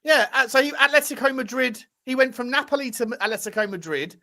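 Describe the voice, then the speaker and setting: A man co-hosting a football podcast, chatting casually with excitable, jokey banter. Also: very high-pitched, quick pace. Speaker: podcast co-host.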